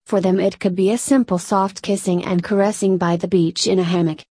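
A woman reading an intimate devotional prayer in an adoring, unhurried way. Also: medium pitch, fairly even intonation, dark tone, breathy edge, dry recording.

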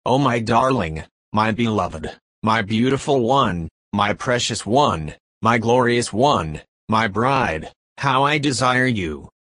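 A man voicing an adoring divine bridegroom in a devotional reading, slow and pleading, lingering on each phrase. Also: medium pitch, expressive, a bit bright, dry recording, clean studio sound. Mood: yearning. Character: adoring divine male bridegroom, yearning and tender.

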